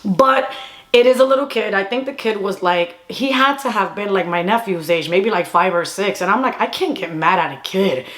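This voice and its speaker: A young woman vlogger telling a funny personal story in a fast, animated way, slipping Spanish phrases into her English. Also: mid-range voice. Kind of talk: casual storytime.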